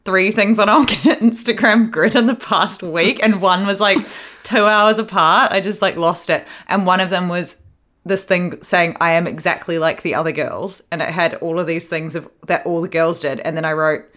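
A young woman from New Zealand co-hosting a podcast in casual chat, animated and laughing, often mimicking accents. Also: fairly low pitch, normal speed. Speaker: podcast co-host.

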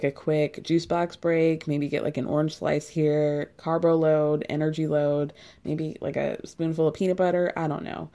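A woman's voice: low voice, warm tone. A woman in casual commentary, reading out messages with sarcastic asides and exaggerated disbelief. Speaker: commentary vlogger.

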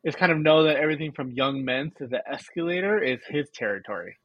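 A man's voice: on the high side, lively intonation, fast, dry recording, dull audio. A man in his twenties co-hosting a podcast, chatting casually through an episode recap with lots of fillers and teasing. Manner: rambling, filler-heavy, teasing. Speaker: podcast co-host.

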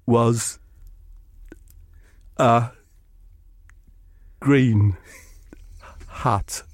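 A man puts on a dim young footballer. He mumbles low, halting replies one word at a time. The sound is dry and close. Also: steady tone, dry recording. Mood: mumbling.

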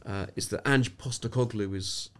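The speaker is a middle-aged man from England, a sports psychologist telling stories in a podcast interview. His voice is on the low side and his pace moderate, and he reflects, offers anecdotes and often starts sentences over.

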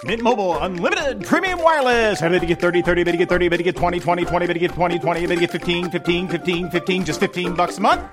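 A man playing an auctioneer in a radio ad, chanting in a rapid auctioneer patter. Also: high voice, lightly acted. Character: fast-chanting male auctioneer, loud and eager. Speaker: reverse auctioneer in an ad. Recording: ad with loud music bed.

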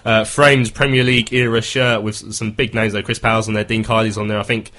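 Guy hosting a footy radio show, quick, lots of uhs, casual. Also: fairly low pitch, level tone, pushed and bright. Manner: quick, hesitant, many fillers. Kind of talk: casual radio phone-in chat.

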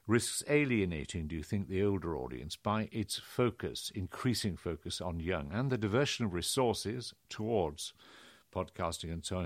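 Male host, fairly low voice, brisk and opinionated. Dry studio sound. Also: dry recording. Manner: brisk, opinionated, swings in pitch. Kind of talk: conversational interview.

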